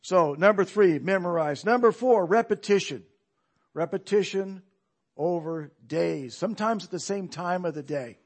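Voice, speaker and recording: A man delivers a sermon in a talky, emphatic way and keeps putting rhetorical questions to the congregation. His voice sits high for a man and has a slightly husky, breathy edge. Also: moderate pace. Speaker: preacher.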